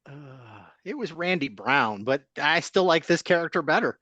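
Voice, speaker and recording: A man's voice: a little high, expressive, moderate pace, bright, forceful tone, no room sound, muffled recording. A man hosting a casual sports podcast, ranting as he stacks up complaints.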